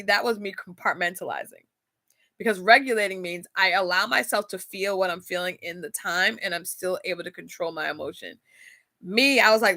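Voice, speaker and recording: A woman talks casually about faith, laughing often and speaking directly to her listeners. Her voice is bright and forward at a middle pitch. The recording is close and dry. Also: fairly quick, dry recording. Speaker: podcast host. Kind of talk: casual faith-based talk.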